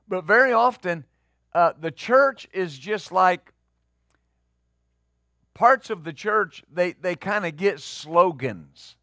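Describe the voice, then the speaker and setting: A middle-aged male pastor preaching a sermon, conversational, rising into loud emphatic peaks. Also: a little high, no room sound, studio quality.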